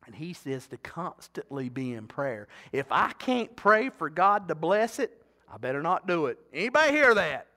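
A man's voice: fairly high pitch, big pitch swings, moderate pace, sharp tone. A middle-aged man preaching a sermon in a folksy, talkative way, often asking the congregation questions. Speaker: pastor.

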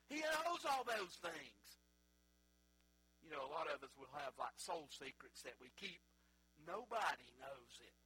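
A high, bright male voice with a husky edge delivers a sermon. He climbs to emphatic peaks, then drops to low, quiet asides, like a pastor preaching in a church sanctuary. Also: rough recording.

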